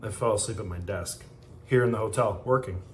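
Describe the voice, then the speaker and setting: A man's voice: on the low side, fairly quick, a little hiss or hum. A man hosting a podcast, delivering a fervent, emotional motivational monologue. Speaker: podcast host. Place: hotel room.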